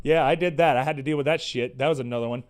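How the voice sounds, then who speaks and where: A man hosting a podcast, delivering an animated, profane, sarcastic rant in casual slangy talk. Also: mid-range voice, rapid-fire, a little hiss or hum. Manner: animated, profane, exasperated ranting. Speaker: podcast host. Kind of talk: casual ranting monologue.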